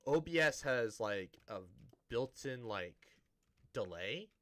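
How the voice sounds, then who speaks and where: A man's voice: mid-range voice, animated, slow pace, fairly bright tone. A man streaming a building game, chatting casually to viewers in a rambling, self-interrupting way with a dry, sarcastic-sounding tone.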